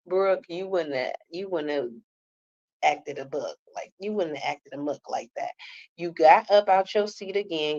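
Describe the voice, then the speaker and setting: A woman's voice: low-pitched, a little mellow, muffled recording. A woman giving a blunt, sassy commentary on a reality show, keeps tagging her points with "okay?". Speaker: reality TV reviewer. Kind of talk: casual commentary.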